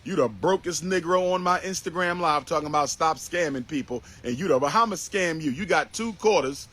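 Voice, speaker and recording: A man's voice: fairly high pitch, fairly quick, a bit bright. Man mocking viewers on a livestream. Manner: mocking, repetitive. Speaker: livestream talker. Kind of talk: livestream rant.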